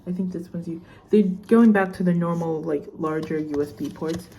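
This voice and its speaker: Young woman, chatty student vlog, slightly low voice, warm tone. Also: normal speed. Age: young adult. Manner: chatty and rambling, with many fillers. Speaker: student vlogger. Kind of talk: casual unboxing vlog chat.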